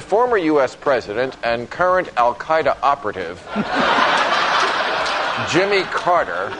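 A man's voice: a little high, heavy background noise. A man hosting a comedy show, delivering a sarcastic, mock-indignant satirical monologue. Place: studio stage before a live audience. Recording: stage mic with loud live audience.

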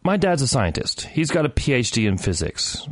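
A man's voice: medium pitch, normal speed, no room sound. A man in his thirties, a bit tipsy, hosts a casual podcast chat. His voice swings up and down a lot, and he jokes and curses freely. The recording is close and dry. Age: 30s. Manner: animated, joking, profane. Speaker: podcast host.

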